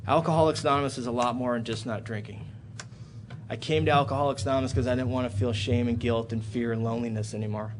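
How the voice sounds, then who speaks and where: A man in his thirties speaking at a recovery meeting in a hotel hall, telling a personal story and building to loud, animated outbursts. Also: medium pitch, fast, a little hiss or hum. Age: 30s.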